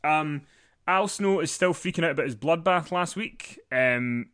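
A man with a higher, fairly bright and resonant voice speaks clearly at a measured pace. He co-hosts a casual wrestling recap podcast, rambling and joking with lots of fillers.

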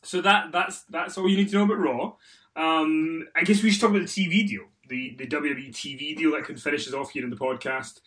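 Man, podcast host, casual chat, profane, exasperated, high-pitched. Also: brisk, a bit bright. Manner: profane, exasperated, rattles off a recap with fillers.

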